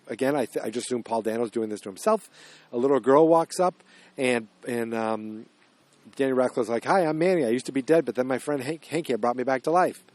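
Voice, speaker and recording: A man talking through a movie plot in a loose, wandering way, often stopping to admit he is confused. His voice sits in an ordinary middle pitch. The sound is dry and close, with no room around it. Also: darkish tone, no echo. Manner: rambling, puzzled, with many restarts and fillers. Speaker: podcast host. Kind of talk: casual movie recap.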